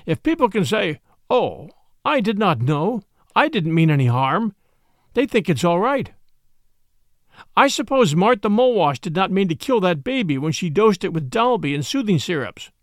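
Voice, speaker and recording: A man's voice: high voice, sing-song, normal speed, dry recording, clean studio sound. A man voicing an earnest adult groom who speaks with grieved, indignant reproach.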